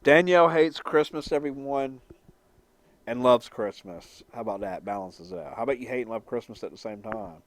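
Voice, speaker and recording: A man's voice: medium pitch, moderate pace. A young man rambling and stammering as he answers chat on a live stream, swearing freely and laughing at his own jokes. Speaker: livestreamer reading chat.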